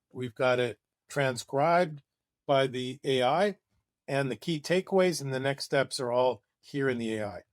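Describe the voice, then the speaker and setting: A man's voice: mid-range voice, no echo, clean studio sound. A man presenting a marketing webinar, talking in an enthusiastic, conversational way.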